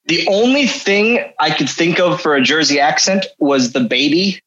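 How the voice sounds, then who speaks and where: A man's voice: on the high side, animated, moderate pace, hardly any pauses, fairly bright tone, dull audio. A man guesting on a podcast, telling stories in a wry, self-mocking way. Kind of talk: casual storytelling.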